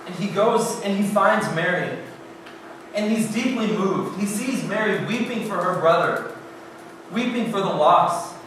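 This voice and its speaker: Heard through a distant mic in a very echoey hall with a faint background hiss, a high-voiced youth pastor takes his time preaching. He retells a first-person story, shifting between hushed tones and loud ones.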